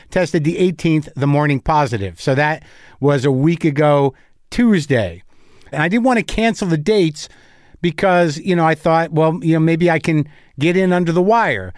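A man's voice: fairly high pitch, no room sound, studio quality. A male podcast host and comedian in a casual, rambling monologue, his voice stuffy, scratchy and a little tired, swearing freely and joking at his own expense. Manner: profane, self-deprecating, loose.

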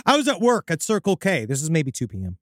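High-pitched guy telling spooky stories on a podcast, swears some, dry close mic. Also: huge pitch swings, quick pace, dry recording. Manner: casual, profane, dips into voices for quoted people. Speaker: podcast co-host reading listener stories. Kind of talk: casual podcast chat and story reading.

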